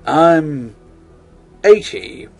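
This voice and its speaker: A man giving casual video game commentary, rambling with jokey asides and the occasional loud outburst. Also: a little high, big pitch swings, very slow, creaky, faint music behind. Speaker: let's play host.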